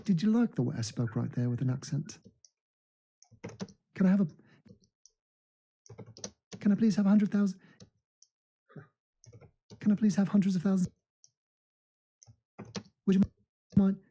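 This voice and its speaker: A man doing a put-on London accent as a cheeky, overly polite man begging in a singsong, repeating himself, with a high, bright tone. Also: a little slow, pauses often, a little hiss or hum. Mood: wheedling. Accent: mock London accent.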